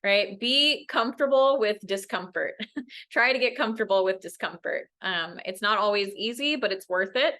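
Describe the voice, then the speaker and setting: Bright, earnest woman leading a workshop. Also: normal speed. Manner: earnest, often ends points with "right?"; acts out quoted voices with big pitch jumps. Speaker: mental health educator. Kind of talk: parent workshop presentation. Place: workshop room.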